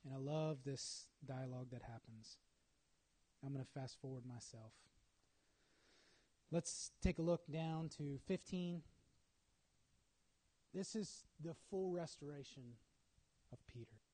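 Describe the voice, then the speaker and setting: A man's voice: mid-range voice, slow pace, pauses often, mellow. A man preaching a sermon, telling a story dramatically with acted asides.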